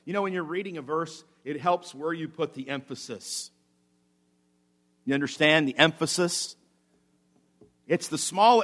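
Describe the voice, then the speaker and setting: A pastor preaching to his congregation, his slightly high voice leaping up for emphasis and dropping low for asides. He talks in an animated, conversational sermon style. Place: church.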